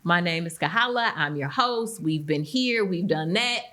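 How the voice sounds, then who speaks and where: A middle-aged woman hosting a podcast in casual chat, an animated storyteller who acts out the voices she quotes. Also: fairly low pitch, moderate pace. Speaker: podcast host.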